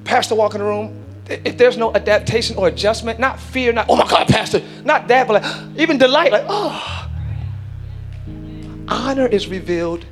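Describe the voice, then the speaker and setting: A man preaching from the pulpit in a very high voice, driving his points home and then dropping to a near hush. Music plays steadily underneath him. The whole thing sounds like a live church service. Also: brisk. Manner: emphatic preaching, swinging between shouts and hushed low lines. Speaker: pastor. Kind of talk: sermon. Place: church sanctuary.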